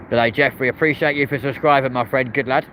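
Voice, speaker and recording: A man's voice: medium pitch, steady tone, brisk, poor audio. A man hosting a live stream outdoors beside an airport runway, chatting cheerily and reading out viewers' comments in casual British slang. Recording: loud wind and traffic noise outdoors. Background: wind and passing vehicles.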